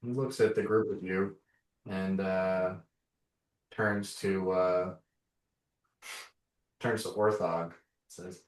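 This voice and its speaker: A man acting as game master of a tabletop game, talking in a relaxed way with frequent fillers. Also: low voice, takes it slowly, long pauses. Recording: roomy sound from a distant mic.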